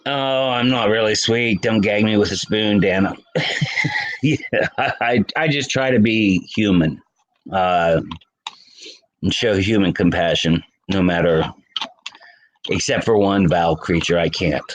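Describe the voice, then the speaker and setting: Low-voiced, slow-talking livestream man. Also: rough recording. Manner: chatty, laughs often, talks to chat by name. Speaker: livestream host. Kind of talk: casual livestream chat.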